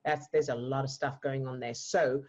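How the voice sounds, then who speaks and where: A woman guiding a client through an emotional coaching exercise, gentle and explaining step by step. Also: very deep voice, steady tone, moderate pace. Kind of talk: live online coaching session. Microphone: video call.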